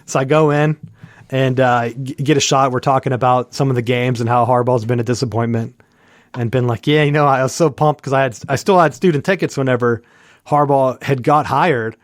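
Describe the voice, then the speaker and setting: A man's voice: mid-range voice, a little fast, no room sound, clean studio sound. A man in his thirties co-hosting a casual sports chat, rambling through a story with lots of "like" and acting out the people in it. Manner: heavy use of "like" and fillers. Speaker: podcast co-host.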